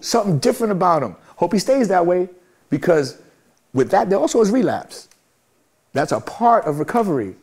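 A man's voice: on the high side, darkish tone, slightly rough. A middle-aged man from Brooklyn, speaking as an interview guest in a reflective, heartfelt way and repeating phrases for emphasis. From Brooklyn, New York.

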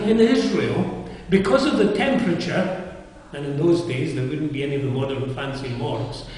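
Older preacher, far off in echoey chapel. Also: male voice, on the high side, a little hiss or hum. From England. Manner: earnest, conversational preaching with rhetorical questions. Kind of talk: sermon.

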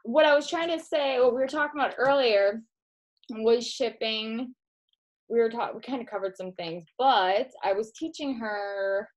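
A woman with a Midwestern American accent, pitched a little high, talks at normal speed over a rough recording. She's a direct sales consultant casually showing products at home in a video demo, calling the listener "girl."

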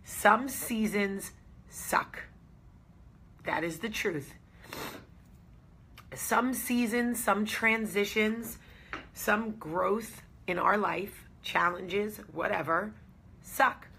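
A woman's voice: medium pitch, extremely slow, gravelly, long pauses, bright, forceful tone, slightly rough. A woman hosting a casual talk to camera, speaking in an earnest, reassuring way and repeating key phrases for emphasis. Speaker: host.

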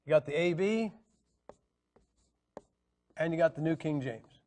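Male preacher, high voice, combative teaching tone with lots of "uh" pauses. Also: animated, darkish tone. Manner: argumentative, rhetorical questions, hesitant fillers. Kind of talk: Bible teaching lecture.

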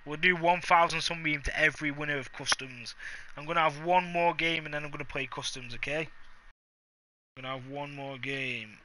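A man's voice: on the high side, normal speed, sharp tone, slight background noise. Hyped man streaming a game. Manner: boastful, hyped, jokey trash talk. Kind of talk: live gaming stream banter.

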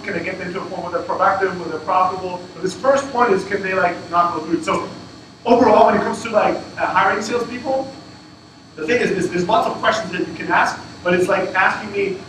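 A man giving a casual fireside talk to an audience, telling stories in a blunt, profane and emphatic way. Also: high-pitched. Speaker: startup founder speaking at a fireside chat. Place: event room with an audience. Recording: far-off echoey room with loud noise.

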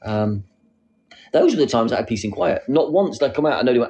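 A young man hosting a casual live stream, reading out comments with a playful, silly manner and sudden squeaky jokes. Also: lively intonation, quick pace, dark tone. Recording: faint background noise.

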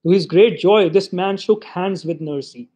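A man from Pakistan reading a short story aloud in an expressive storytelling manner. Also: high voice, moderate pace, breathy edge. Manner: expressive storytelling, voices the quoted lines. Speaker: reader of short stories. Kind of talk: literary reading.

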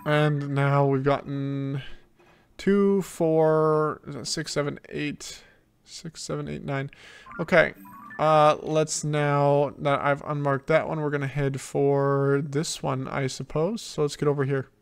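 A man's voice: a little high, little pitch movement, slow pace, vocal fry, clean tone. A man giving casual gameplay commentary as a let's play host, thinking aloud and repeating himself as he plays.

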